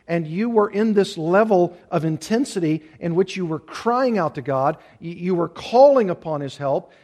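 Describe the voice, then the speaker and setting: A man's voice: high-pitched, a little mellow. A man preaching an earnest expository sermon, repeating key phrases for emphasis. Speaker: pastor.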